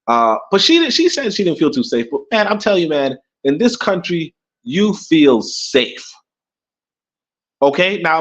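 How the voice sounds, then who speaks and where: A man from the Caribbean co-hosts a casual livestream, his voice sitting a little high for a man. He rambles, repeats words and chuckles now and then. The sound is dull and lo-fi, like streamed audio. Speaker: podcast co-host. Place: abroad in Africa.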